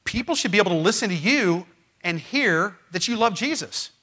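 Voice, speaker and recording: A man preaching a sermon as pastor, emphatic and swinging from loud, rising lines to quiet ones. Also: high voice, animated, normal speed, slightly rough. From Missouri. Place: church.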